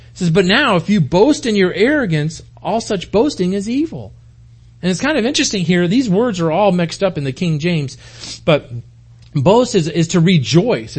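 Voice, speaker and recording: An American pastor in his forties preaches in a church hall with a high, slightly rough voice. His sermon is conversational and folksy, leaning heavily on rhetorical questions for the congregation.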